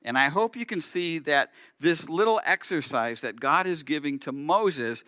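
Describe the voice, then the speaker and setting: A male rabbi preaches a sermon, explaining as he tells the story and acting out its quotes. His voice is forceful and tense. The sound is close and dry. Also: a little high, expressive, moderate pace, no echo.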